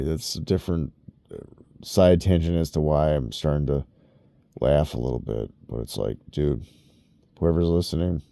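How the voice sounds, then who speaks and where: Deep-voiced man in a profane rambling rant. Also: vocal fry, mellow, no room sound, clean studio sound. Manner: rambling, profane, self-interrupting. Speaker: vlogger. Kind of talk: rambling personal vlog rant.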